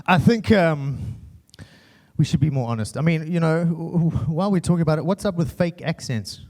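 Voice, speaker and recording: A man's voice: fairly high pitch, normal speed. A South African man performing a stand-up comedy set, acting out the people in his stories with put-on voices. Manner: animated, acts out quoted characters in put-on voices.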